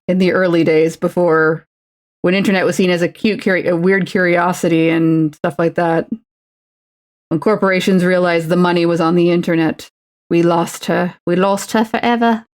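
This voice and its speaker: A woman's voice: lowish voice, little pitch movement, moderate pace. Chatty woman rambling with lots of fillers. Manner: rambling, filler-heavy "like" speech; replies to chat messages. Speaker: streamer painting a miniature. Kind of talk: casual chat with viewers.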